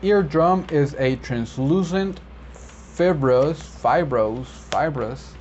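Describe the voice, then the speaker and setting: Man, medical interpreter, casual explainer, rambling with fillers, slow pace, faint background hiss. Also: fairly high pitch. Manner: relaxed, rambling, frequent fillers and self-corrections. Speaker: medical interpreter teaching vocabulary. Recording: slightly dull lo-fi audio with faint background noise.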